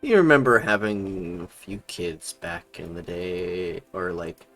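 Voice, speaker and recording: A man narrating as game master of a tabletop game, halting with many fillers. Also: low-pitched, lively intonation, fairly bright tone, soft background music. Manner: halting, many fillers, chuckles between lines.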